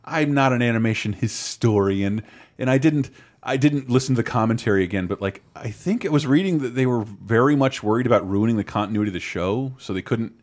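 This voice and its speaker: A man hosting a podcast in casual, animated chat, swearing now and then. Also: medium pitch, fairly quick. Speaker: podcast host.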